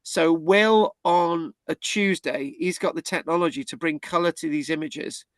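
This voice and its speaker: A British man with a high, light voice runs a casual online history class. He talks in a chatty, halting way, restarting his sentences over a video call, and the sound is dry and close. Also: dry recording. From Britain. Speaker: history class tutor and host.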